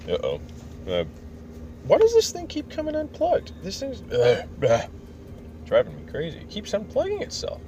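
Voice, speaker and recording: A man's voice: on the low side, darkish tone, a little hiss or hum. A man hosting a podcast, casually retelling a game's story in a rambling, joking way with lots of fillers. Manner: rambling and joking, many fillers, acts out quotes. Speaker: podcast host. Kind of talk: casual recap of a video game story.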